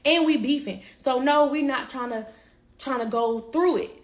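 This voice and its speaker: Woman, young adult, casual storytime, animated, quotes people, fairly high voice. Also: moderate pace. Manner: animated, acts out quotes, laughs. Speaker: vlogger.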